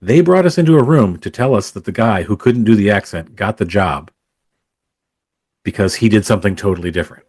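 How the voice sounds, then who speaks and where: A man's voice: lowish voice, animated, a little fast, darkish tone, husky, no room sound, clean studio sound. A man who is a podcast guest, telling stories from his acting days in casual talk, rambling with many fillers and restarts. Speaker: podcast guest, photographer and former actor. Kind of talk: casual storytelling in conversation.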